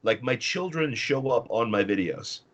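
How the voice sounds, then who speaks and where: Blunt husky-voiced man ranting. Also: medium pitch, lively intonation, moderate pace, fairly bright tone. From US Midwest. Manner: blunt, combative rants. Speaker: guest. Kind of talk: casual political chat.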